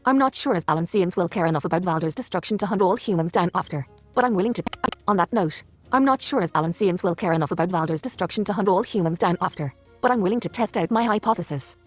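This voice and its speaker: A woman's voice: fairly low pitch, animated, fast talker, soft background music. Woman reading story text aloud. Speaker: narrator reading the game text.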